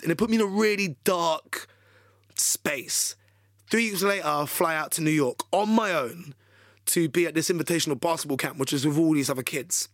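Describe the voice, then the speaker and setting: A man tells a story as a guest on an interview. His voice sits a little high for a man and has a gravelly, fry-laced edge. He talks in an animated, chatty way, full of fillers, and the sound is dry and close. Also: brisk, no echo. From London. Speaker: radio DJ guest.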